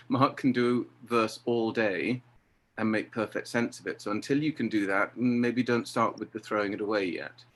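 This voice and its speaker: A middle-aged man talking about directing, lively and acting out exchanges he quotes. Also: lowish voice, normal speed. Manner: animated, acts out quoted exchanges. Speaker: theatre director. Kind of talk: conversational interview.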